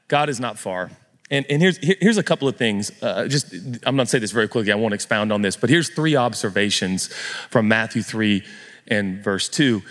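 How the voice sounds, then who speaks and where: Animated male pastor preaching in a reverberant hall. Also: on the high side. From United States. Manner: animated, self-mocking storytelling with acted-out voices. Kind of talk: sermon. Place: church auditorium.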